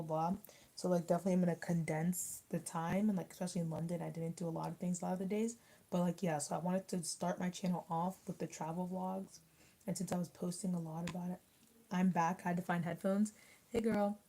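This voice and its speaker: A young woman chatting on a livestream while she eats, reading and answering comments as she goes. She rambles with lots of fillers and restarts. Her voice is low, husky and mellow. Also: flat delivery, a little fast, poor audio. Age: young adult. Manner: rambling, filler-heavy, reacts to chat comments. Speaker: YouTuber reading live chat. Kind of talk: casual livestream chat while eating.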